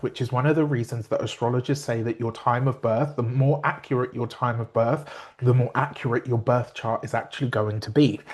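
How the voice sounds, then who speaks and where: A man with a mid-pitched voice hosts a talk on astrology. He explains things in an earnest, rambling way, with fillers and quick corrections, and he drops into a slower pace when he wants a point to land. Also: a little mellow. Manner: meandering and earnest, slows down to stress points, with fillers and self-corrections. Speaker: astrologer and tarot reader. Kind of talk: casual spoken explanation to camera.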